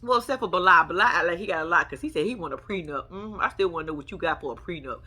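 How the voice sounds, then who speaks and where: A woman's voice: lowish voice, racing, breathy edge. A young woman giving casual reality TV recap commentary, sassy and mocking as she acts out the people she talks about. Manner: sassy, animated, mocking imitations.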